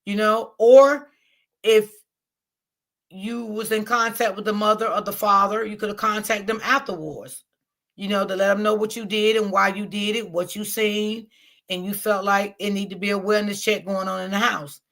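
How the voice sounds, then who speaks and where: A woman with a bright, clear-toned voice hosts a casual livestream. She talks to her chat in a loose, repetitive way, circling back over the same points. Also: mid-range voice, fairly even intonation, normal speed. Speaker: livestream host.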